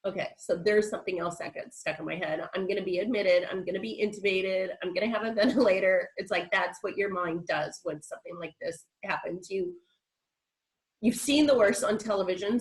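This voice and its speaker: Congested and a bit breathless, this woman shares her own account frankly as a guest on a virtual meeting, quoting what people said. She speaks fairly quickly at medium pitch, over poor audio.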